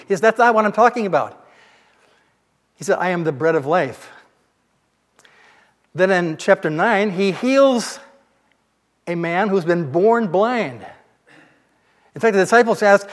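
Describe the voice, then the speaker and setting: A man's voice: high-pitched, animated, unhurried, pauses often, long reverb tail. A male pastor giving a sermon, retelling scripture as a casual, conversational story.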